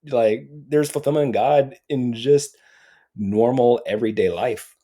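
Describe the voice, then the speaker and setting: A man's voice: medium pitch, unhurried, mellow. A man speaking as a podcast guest, reflective and thoughtful, often repeating words as he works out his point. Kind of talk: casual podcast chat.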